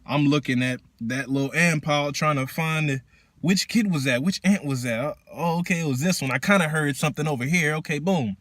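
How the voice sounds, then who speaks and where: A man who works as a teacher casually explains spiritual practice in slangy, profane, animated talk. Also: fairly high pitch, a little fast, no echo.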